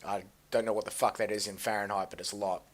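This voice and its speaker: A man's voice: on the low side, little pitch movement, quick pace. A man with an Australian accent hosting a casual live stream, joking crudely and playing the showman. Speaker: stream host.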